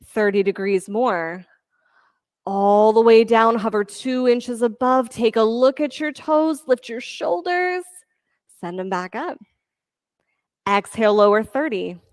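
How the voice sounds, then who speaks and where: A woman teaching a yoga class, giving steady counting cues and encouraging her students. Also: on the high side, slow, dry recording, clean studio sound. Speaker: yoga instructor. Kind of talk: leading a live yoga class.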